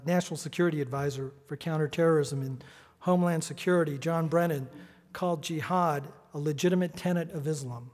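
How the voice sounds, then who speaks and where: A man's voice: on the high side, darkish tone. Middle-aged male speaker, punchy and sardonic, podium mic, long hall reverb. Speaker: editorial cartoonist giving a talk. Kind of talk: prepared speech. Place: large hall.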